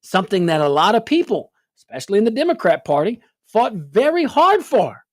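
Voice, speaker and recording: A woman's voice: mid-range voice, sing-song, brisk, no echo, clean studio sound. A woman hosting a political talk show, sarcastic and full of rhetorical questions. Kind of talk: casual political commentary.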